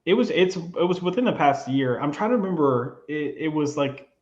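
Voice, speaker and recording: Give me a relaxed man talking casually on a podcast, recorded in an echoey room with a dull sound. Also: a little high, moderate pace. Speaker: podcast co-host. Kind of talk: casual chat.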